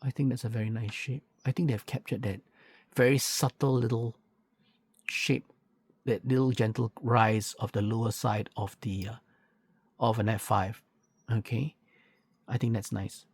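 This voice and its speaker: A man's voice: mid-range voice, steady tone, unhurried, pauses often, a little mellow, husky, no room sound. A man walking through a model kit's parts in a chatty, pedantic way, full of fillers and self-corrections. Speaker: scale model reviewer. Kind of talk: unboxing walkthrough, casual commentary.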